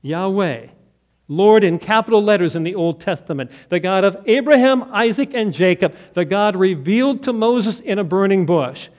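Pastor, male, higher voice, very animated delivery, dramatic hushed and loud turns. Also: moderate pace. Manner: emphatic, dramatic shifts between loud and hushed. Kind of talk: sermon.

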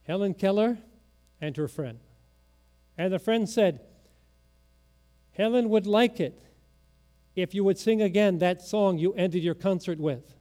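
A man preaching a sermon in a church, telling a story slowly and dramatically, sometimes dropping to a hush. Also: high voice. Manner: slow dramatic storytelling, drops to a hush at the end.

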